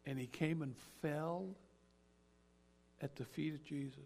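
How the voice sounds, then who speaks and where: A man preaching a sermon as an animated storyteller who acts out the characters as he goes. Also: a little high, a little slow, vocal fry.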